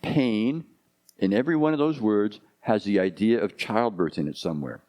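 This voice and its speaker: Low-voiced pastor musing through questions. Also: male voice, moderate pace, darkish tone. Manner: conversational, musing with rhetorical questions. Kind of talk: sermon.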